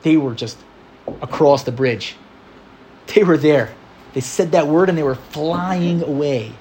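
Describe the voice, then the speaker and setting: A man's voice: on the high side, a little slow, a little mellow, slight background noise. Guy giving a casual torah class, talks loose and chatty, lots of like. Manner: chatty, full of "like", acts out quotes. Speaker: Torah teacher. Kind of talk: informal religious class.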